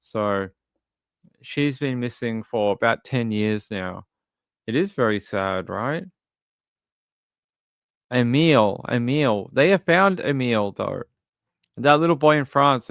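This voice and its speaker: A man's voice: mid-range voice, a little slow, creaky, smooth, no room sound. An Australian man hosting a true crime livestream, reading out case details and then chatting loosely with viewers in a rambling way. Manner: rambling, reads news aloud then chats to viewers. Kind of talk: casual livestream commentary.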